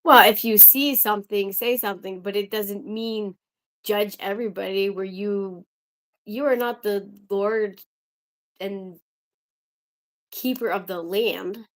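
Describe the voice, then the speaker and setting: A woman's voice: mid-range voice, takes it slowly, pauses often, a bit bright. A young woman hosting a casual livestream, chatting to viewers in a rambling, exasperated way. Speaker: livestream host.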